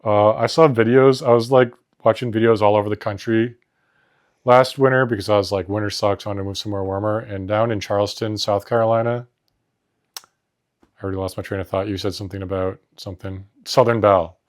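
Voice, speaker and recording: A man's voice: on the low side, steady tone, a little fast. A man co-hosting a casual podcast chat, rambling and laughing easily, often losing his train of thought. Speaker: podcast co-host.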